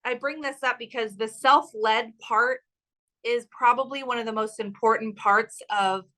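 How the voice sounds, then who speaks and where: A woman's voice: on the high side, fairly even intonation, measured pace, bright, forceful tone, rough recording. A woman co-hosting a podcast who talks casually in an emphatic, motivational way. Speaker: podcast co-host. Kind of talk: casual chat.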